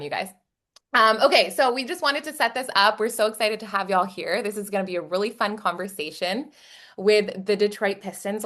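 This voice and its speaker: A woman's voice: mid-range voice, a bit bright. A woman co-hosting a company webinar over a video call, bubbly, giggly and enthusiastic. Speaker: webinar co-host.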